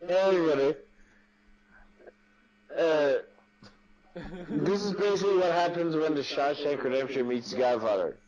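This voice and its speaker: A man's voice: on the high side, moderate pace, long pauses, lo-fi sound, a crowd in the background. A drunk man slurring as he hosts a rowdy casual podcast chat, swearing and laughing at his own jokes. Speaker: podcast host.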